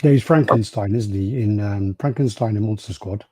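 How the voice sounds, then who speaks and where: A man's voice: lowish voice, moderate pace, darkish tone, no room sound. A British man co-hosting a podcast, chatting casually, telling stories with plenty of swearing and laughter. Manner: storytelling, swears freely, laughs often. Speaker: podcast co-host. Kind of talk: casual chat.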